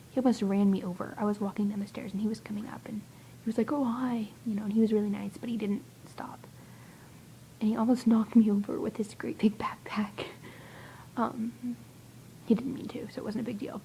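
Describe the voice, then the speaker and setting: A young woman vlogging to a friend, talking mostly in a hushed whisper and rambling with hesitant fillers. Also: medium pitch, creaky, a little hiss or hum, rough recording. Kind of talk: casual whispered video chat to a friend.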